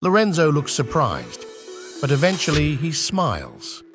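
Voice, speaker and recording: A man's voice: on the high side, wildly swooping pitch, measured pace, music in the background. A man narrating a class radio play as a script, reading carefully and steadily.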